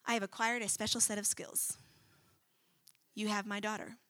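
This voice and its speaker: A woman doing an impression of a calm, menacing male action-film hero, speaking low and hushed. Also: normal speed, dry recording, close to an everyday voice. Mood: quiet menace. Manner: low, hushed, threatening delivery.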